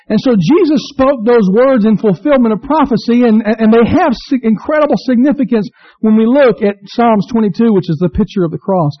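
High-pitched guy preaching, gets fired up, dull lo-fi dry audio. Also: animated, moderate pace, no room sound. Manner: impassioned preaching, rising to cries; reads scripture aloud to the congregation. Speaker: pastor. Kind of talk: sermon.

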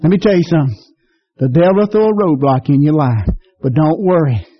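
Fervent preacher on lo-fi radio. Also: male voice, lively intonation, brisk. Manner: folksy, fervent preaching with sudden rises in pitch. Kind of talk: sermon. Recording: dull lo-fi radio broadcast.

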